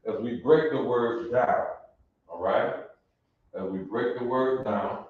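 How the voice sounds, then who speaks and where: A man's voice: mid-range voice, slow. A man teaching a classroom language lesson, repeating phrases and quizzing his listeners as he goes. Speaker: language instructor. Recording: echoey room, dull lo-fi sound.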